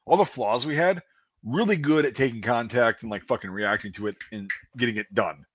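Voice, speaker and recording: A man in his thirties casually telling profane army stories in an animated way, often breaking into shouted impressions. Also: medium pitch, brisk, breathy edge, dry recording, muffled recording. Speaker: podcast host and army veteran. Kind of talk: casual storytelling chat.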